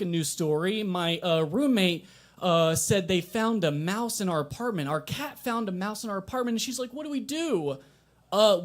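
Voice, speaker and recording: A young man doing a stand-up set at a coffee shop open mic, wry and deadpan, breaking into laughs and shouted asides. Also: a little high. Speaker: stand-up comedian.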